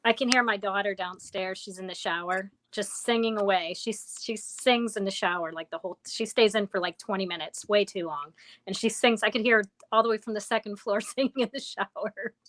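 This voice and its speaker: A middle-aged woman co-hosting a live stream, chatting slowly, laughing often and greeting viewers. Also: mid-range voice, a bit bright, dry recording, low-quality recording. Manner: slow, giggly, welcomes viewers. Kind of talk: casual chat.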